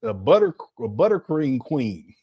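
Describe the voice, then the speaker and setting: A man's voice: medium pitch, very animated, a little slow, husky, muffled recording. A man hosting a casual livestream, reacting to clips with frequent laughter and disbelief. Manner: laughing often, incredulous, chatty.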